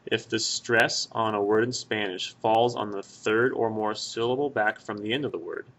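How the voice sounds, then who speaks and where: A man's voice: fairly low pitch, normal speed, fairly bright tone. A young man teaches a grammar lesson over a screen recording. He talks it through methodically, pointing at each example in turn. His tone stays plain and easygoing. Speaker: Spanish teacher.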